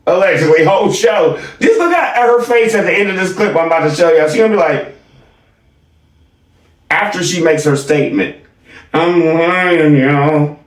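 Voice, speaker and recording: A man doing casual reaction commentary, mocking and animated, laughing often as he talks. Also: extremely high pitch, roomy sound, recorded from a distance. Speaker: reaction streamer.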